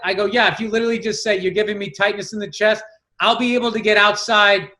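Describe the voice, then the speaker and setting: Brief: male podcast co-host, high and bright, animated anecdote teller. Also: a little fast. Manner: storytelling, acting out voices, swearing. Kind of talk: casual comedic chat.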